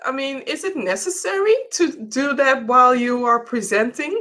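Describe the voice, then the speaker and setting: A woman hosts an interview over a video call, her voice slightly high and very lively in pitch. She asks questions in a supportive way. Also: normal speed. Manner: supportive, mostly brief backchannels and questions. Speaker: host, interviewer.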